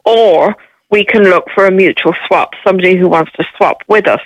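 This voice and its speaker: An Irish woman calling in to a radio show, laying out her situation in a measured, matter-of-fact way. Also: lowish voice, dry recording, dull audio. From Ireland. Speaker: caller. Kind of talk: phone-in interview.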